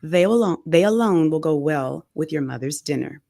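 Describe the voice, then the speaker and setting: A woman voicing an elderly grandmother who is gentle but firm, while reading a memoir aloud. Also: low voice, expressive, moderate pace, gravelly, no echo, clean studio sound, full character voice.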